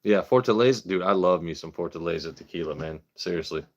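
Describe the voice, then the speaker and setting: A man's voice: deep voice, fast, lo-fi sound, background noise. A man hosting a livestream in casual, rambling chat, swearing freely as he talks. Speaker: livestream host.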